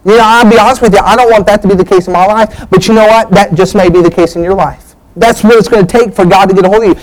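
A man preaching a lively, folksy sermon, with animated bursts as he drives his points home. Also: sits high, poor audio.

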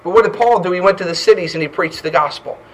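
Fervent preacher, high voice. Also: male voice, fast, recorded from a distance, low-quality recording. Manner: fervent preaching, frequent "right?" asides. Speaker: pastor. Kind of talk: sermon.

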